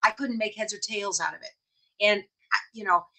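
A woman's voice: mid-range voice, normal speed, creaky, pushed and bright. A woman hosting a live embroidery lesson, chatting casually and reassuring viewers by name as she reads their comments. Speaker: host of a live embroidery tutorial stream. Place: home sewing room with a dog nearby.

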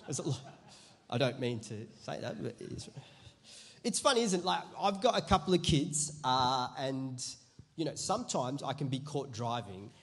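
Husky pastor preaching. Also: male voice, a little high. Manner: conversational, building to loud emphatic preaching. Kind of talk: sermon. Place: church auditorium.

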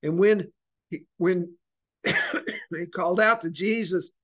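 A man with a notably high voice teaches a church Bible study class. He speaks earnestly, drawing words out and repeating them to drive a point home. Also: slow, a bit bright.

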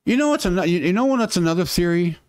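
A man's voice: sits high, expressive, racing, a little mellow, clean tone, no room sound, studio quality. A man hosting a casual political live stream, rambling and sarcastic, muttering to himself as he works his computer and swearing now and then.

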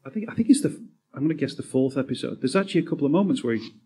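A man's voice: medium pitch, expressive, racing, mellow, breathy edge. A man hosting a live on-stage interview, asking long, winding questions full of "sort of". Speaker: podcast host and interviewer.

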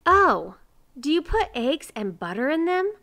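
A woman's voice: fairly high pitch, expressive, unhurried, fairly bright tone. A woman voicing a grumpy, tearful old hermit man who talks in a whiny, trembling way.

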